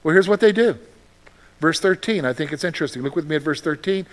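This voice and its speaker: A male pastor preaching a sermon, animated, with frequent rhetorical questions to his listeners. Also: fairly high pitch, fast.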